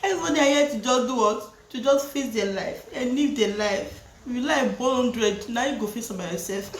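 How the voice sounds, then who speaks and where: Cooking at home, a mother who vlogs talks easily in English laced with Yoruba, her Nigerian accent clear and laughter frequent. Her voice is on the high side at normal speed, and the kitchen audio is reverberant with a little hiss or hum.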